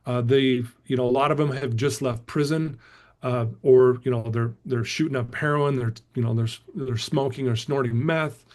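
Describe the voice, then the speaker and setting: A middle-aged man speaks in a casual motivational talk. His pitch sits in the middle of the male range. He tells stories earnestly, with plenty of fillers and restarts. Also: steady tone, normal speed, darkish tone. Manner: storytelling, earnest, repeats himself with fillers. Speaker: motivational speaker and recovery coach.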